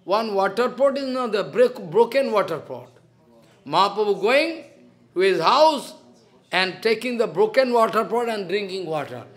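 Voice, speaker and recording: A man's voice: sits high, lively intonation, moderate pace. A man with an Indian accent, a spiritual teacher telling a devotional story in simple, broken English and acting out the dialogue.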